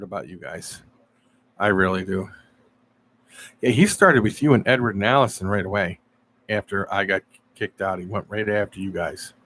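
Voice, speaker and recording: A man hosting a casual live stream, telling animated stories and answering viewers' chat. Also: lowish voice, slight background noise. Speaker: live-stream show host.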